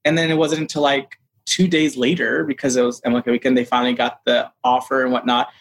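A man being interviewed as an actor, telling a story in a casual, animated way, full of "like" and "you know" and acting out what people said. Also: mid-range voice, fast talker, gravelly. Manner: animated, acts out quoted dialogue; frequent fillers like "like" and "you know". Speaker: actor guest.

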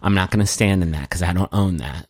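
A man's voice: low voice, fast, a little mellow, dry recording, studio quality. A man co-hosting a podcast, riffing and joking in a goofy, casual chat. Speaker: podcast co-host.

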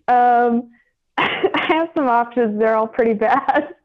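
Female caller, shy, slow, slightly high, phone-line sound. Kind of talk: phone-in call.

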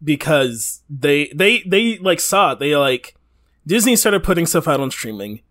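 Animated, rambling man co-hosting a podcast. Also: on the high side, unhurried. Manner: rambling, swears freely, laughs often. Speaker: podcast co-host. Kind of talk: casual chat.

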